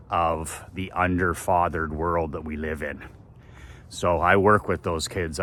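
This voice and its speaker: A man's voice: sits low, sharp tone, slight background noise. A man giving a blunt, profane motivational monologue as a business coach, repeating phrases for emphasis.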